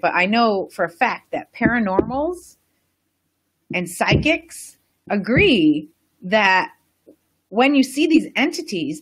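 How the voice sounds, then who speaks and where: A woman chats to her viewers about wellness on a casual live stream. Her talk is rambling and enthusiastic, with tangents and asides. She speaks at an ordinary pitch. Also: fairly bright tone, husky. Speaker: wellness host.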